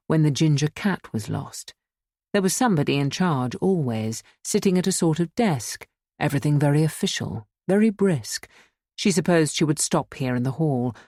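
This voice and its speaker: A woman's voice: low-pitched, vocal fry, warm tone, no echo, studio quality. A woman reading a horror story aloud as an audiobook narrator, giving the figures their own voices.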